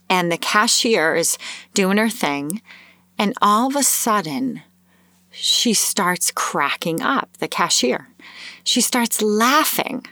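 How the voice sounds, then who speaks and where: A woman with a slightly low voice tells a personal story in a relaxed, conversational way. She plays out her inner thoughts with lively jumps upward. The recording is dry and close, with no room around her. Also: dry recording. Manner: animated, acts out her own thoughts in a higher voice. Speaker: host sharing a personal story. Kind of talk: casual storytelling.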